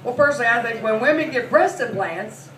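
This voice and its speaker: A woman's voice: fairly high pitch, animated, a little fast, a bit bright. Brash, profane woman in her forties doing stand-up, heard from a distance over background noise. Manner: brash, profane, laughing through lines. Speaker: massage therapist. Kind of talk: stand-up comedy storytelling. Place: comedy club. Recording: echoey room, mic from a distance, noisy.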